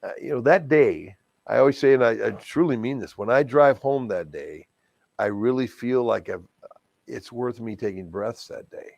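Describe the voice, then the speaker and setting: An older man from Wisconsin, a TV anchor and charity auctioneer, telling stories in a folksy, animated, self-deprecating way in a casual interview. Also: medium pitch, normal speed, creaky, dry recording.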